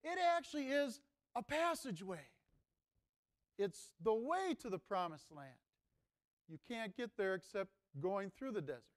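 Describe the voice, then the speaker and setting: A man's voice: sits high, very animated, measured pace, pauses often. A man who is a priest, preaching a conversational homily with rhetorical questions, speaking. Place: seminary chapel.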